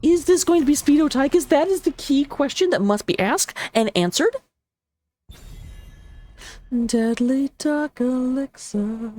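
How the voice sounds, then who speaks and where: Woman, esports caster, fast excitable delivery, playful, a little high-pitched. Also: no room sound. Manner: rapid, excitable talker; playful, jokey. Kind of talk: live game commentary on a stream.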